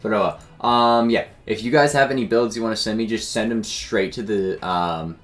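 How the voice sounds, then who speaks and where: A man's voice: lowish voice, moderate pace, faint music behind. A young man streaming games and telling a story in a rambling, filler-heavy, self-deprecating way. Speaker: game streamer. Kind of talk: casual storytelling while streaming.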